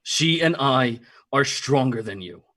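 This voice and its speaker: A man playing a tabletop game, earnest and a little halting, arguing his case. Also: medium pitch, expressive, pushed and bright. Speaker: player. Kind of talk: tabletop role-play, in and out of character.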